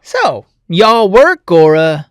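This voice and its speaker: Performer playing a curious little boy bunny, chatty and playful, unhurried, lively rises and falls, says y'all. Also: medium pitch, clear, resonant tone, no echo, faint music behind. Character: small young boy rabbit, curious and playful.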